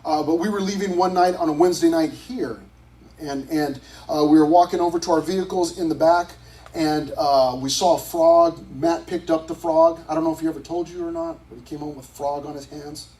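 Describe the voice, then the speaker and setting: Youth pastor teaching from a distance. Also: male voice, on the high side, fairly even intonation, fairly quick, dark tone. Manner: conversational, restarts often, reads scripture aloud. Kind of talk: casual Bible teaching.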